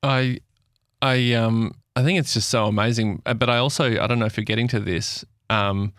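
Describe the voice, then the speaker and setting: A mid-pitched man chats on a podcast. He is playful and teasing, and he hesitates a little. The recording is dry and close. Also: fairly even intonation, normal speed, a bit bright, no echo. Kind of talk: casual chat.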